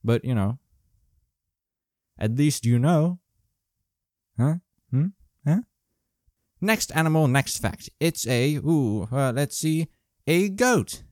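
A man hosting his own casual video, joking and rambling through animal facts in a playful, animated way. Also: on the high side, slow pace, long pauses, no echo, clean studio sound. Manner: playful, jokey, animated, full of asides. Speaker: vlog host. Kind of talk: casual comedic fact-sharing monologue. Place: Germany.

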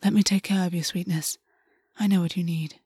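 A woman voicing a possessive, domineering male fae lord who speaks in a low purr and hisses his orders. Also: moderate pace, husky, dry recording, studio quality, lightly acted. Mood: soft commanding. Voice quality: low purring voice. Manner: quiet, commanding, hissing.

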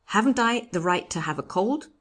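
A woman's voice: mid-range voice, expressive, moderate pace, voice pushed up, lightly acted. A woman reading aloud and voicing a defiant male suspect with a cold who indignantly denies the charges.

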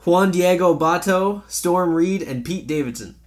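A man's voice: sits high, animated, measured pace. A man co-hosting a casual podcast chat, rambling and joking, with plenty of swearing. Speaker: podcast co-host.

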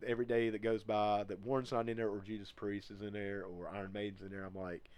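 A man's voice: fairly low pitch, quick pace, smooth. A man hosting a podcast in casual chat, swearing freely and laughing often. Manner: profane, animated, laughs often. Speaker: podcast host.

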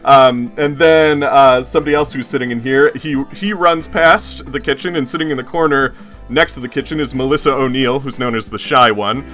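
Bright-voiced man running a tabletop game. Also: mid-range voice, a little fast, soft background music. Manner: rambling, filler-heavy, laughing often. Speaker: game master.

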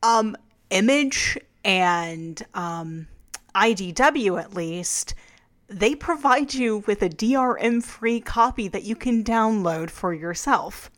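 A woman's voice: medium pitch, lively intonation, slow, fairly bright tone. A woman co-hosting a podcast, talking frankly and chattily with lots of "like" and restarts. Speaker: podcast co-host. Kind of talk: casual podcast chat.

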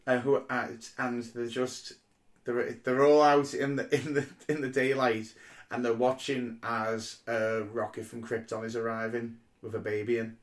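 Animated, swearing man chatting. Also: mid-range voice, unhurried. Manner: animated, swears freely, laughs often. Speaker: podcast co-host. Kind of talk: casual chat.

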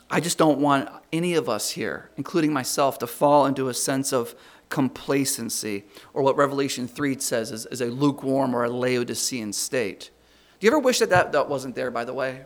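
Speaking at medium pitch, a middle-aged preacher delivers a sermon in a conversational style, stumbling over repeated words. His reading of scripture rises loud and slow.

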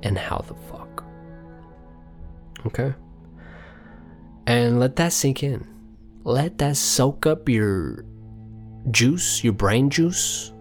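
A man talks to his listeners in a loose, rambling solo podcast, swearing freely and poking fun at himself. He speaks slowly, with faint music behind him. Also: mid-range voice, animated. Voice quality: raspy put-on voice at times. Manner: rambling, profane, self-mocking. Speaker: podcast host. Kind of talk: casual solo monologue.

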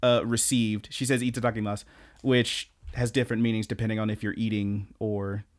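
A man's voice: fairly low pitch, level tone, a little fast. A young man co-hosting a podcast, recapping an anime in casual, rambling chat and laughing often. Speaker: podcast co-host.

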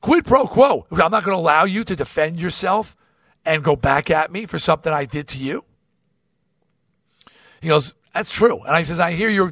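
A man's voice: on the high side, no echo, studio quality. A man hosting a podcast, telling a story in a casual monologue, acting out the dialogue and swearing freely. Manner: animated, acts out quoted dialogue, swears freely. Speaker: podcast host.

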